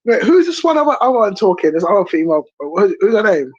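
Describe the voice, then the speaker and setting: A woman's voice: mid-range voice, very animated, fast talker, a little mellow, husky, dry recording, dull audio. A woman hosting a stream, reacting in casual chat in a blunt, incredulous, swearing manner. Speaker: stream host.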